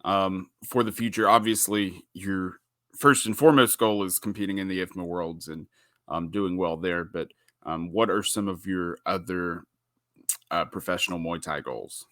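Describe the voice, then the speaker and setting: A man's voice: deep voice, steady tone, moderate pace, fairly bright tone, no room sound, clean studio sound. A man interviewing an athlete, asking questions in an upbeat, encouraging way.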